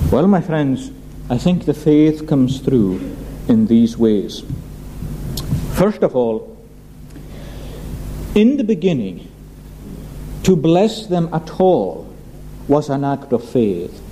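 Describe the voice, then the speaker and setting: A man preaching a sermon in an earnest, measured way, addressing the congregation as his friends. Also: a little high, dark tone, a little hiss or hum, poor audio. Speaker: pastor.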